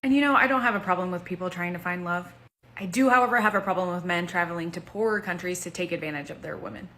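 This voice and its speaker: A woman delivering brisk, pointed voice-over commentary. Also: fairly low pitch, sharp tone.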